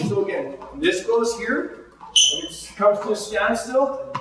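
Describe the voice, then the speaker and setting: A man coaching goalies through a juggling drill, calling out repeated cues with steady energy. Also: high voice, slow, noisy background. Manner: energetic, repetitive cueing. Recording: very echoey, distant mic.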